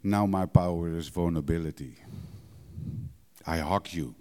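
A middle-aged man with a low, mellow and smooth voice speaks frankly about his own life. He talks in broken English, blunt and emotional, swearing without hesitation. The sound carries a long hall reverb. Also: unhurried. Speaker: recovering addict sharing his story. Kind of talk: candid personal testimony.

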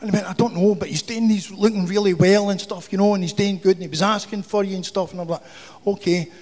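A man shares a funny, profane recovery story with a meeting, confessional in manner and swearing freely. His voice sits high and a little mellow, steady in tone and quick in pace, echoing through a hall with long reverb.

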